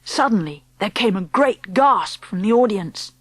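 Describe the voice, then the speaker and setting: Lively woman narrating a storybook. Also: medium pitch, a little slow, breathy edge, dry recording. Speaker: audiobook narrator. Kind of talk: scripted narration.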